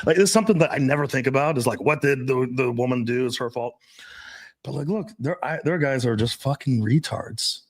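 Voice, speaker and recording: A man's voice: mid-range voice, a little fast. A man hosting a podcast as a dating coach, talking in a blunt, profane, casual way and telling stories with laughs.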